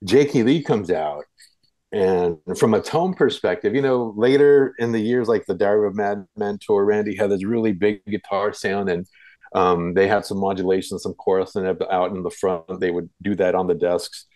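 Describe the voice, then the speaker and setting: A man with a very low voice tells a long, rambling story from memory, full of fillers and restarts. His voice sounds dry and close, with no room echo. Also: moderate pace, darkish tone. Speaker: guest. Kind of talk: casual interview recollection.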